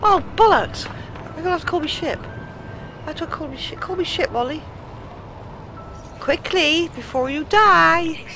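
A woman's voice: very high-pitched, animated, moderate pace, long pauses, pushed and bright, slight background noise. A British woman commentating casually on her own game, swearing and laughing at her mishaps. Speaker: game streamer. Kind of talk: casual let's-play commentary.

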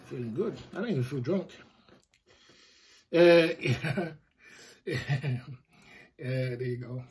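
A man's voice: on the high side, slow pace, pauses often, slightly rough. A man chatting loosely on a livestream, boastful and rambling. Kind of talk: casual livestream chat.

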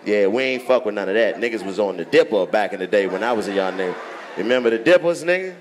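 A man with a Washington DC accent doing stand-up, ribbing the audience with loud, profane banter. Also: lowish voice, animated, fast. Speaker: stand-up comedian. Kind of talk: crowd work stand-up. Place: large theater on stage.

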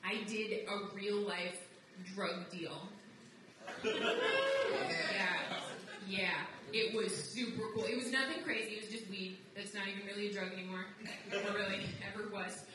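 A woman's voice: animated, measured pace. Young woman doing stand-up in an echoey room. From outside the United States. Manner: wry, conversational, swings into high mocking voices for quotes. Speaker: stand-up comedian. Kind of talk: live stand-up comedy. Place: live comedy venue with audience. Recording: roomy live recording from a distance, noisy.

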